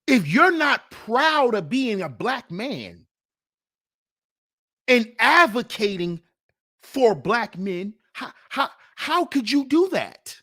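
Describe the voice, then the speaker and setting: A man hosts a livestream, preaching fired-up commentary packed with rhetorical questions and swinging from loud challenges to sarcastic muttering. His voice is extremely high-pitched and very animated, yet slow.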